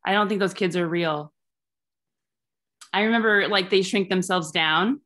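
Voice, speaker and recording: A woman in her thirties tells a stand-up set over a video call. Her delivery is rambling and deadpan, with offhand asides. Her voice sits at an ordinary mid pitch. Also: a little slow. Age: 30s. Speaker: stand-up comedian.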